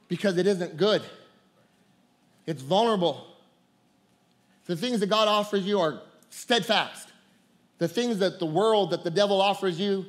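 Preacher guy w a really high voice, repeats himself, calls out to the crowd. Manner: repeats words, calls out to the congregation, laughs often. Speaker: pastor. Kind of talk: sermon.

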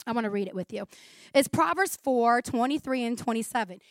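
A woman in her forties preaching a sermon in a church, talking fast and chatty with frequent laughs. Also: fairly high pitch, lively intonation, dry recording, clean studio sound. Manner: fast, chatty, laughing often, says 'like' a lot.

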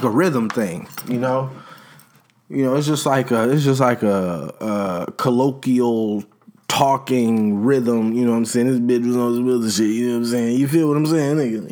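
A man's voice: mid-range voice, a little mellow. A man hosting a casual comedic rant, rambling and profane, with lots of restarts and "you know what I'm saying".

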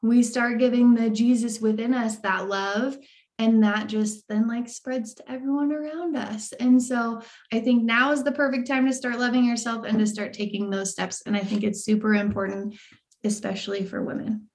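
A woman's voice: on the high side, fairly even intonation, normal speed, a little mellow. A woman speaking earnestly and encouragingly in a casual faith discussion, laughing easily.

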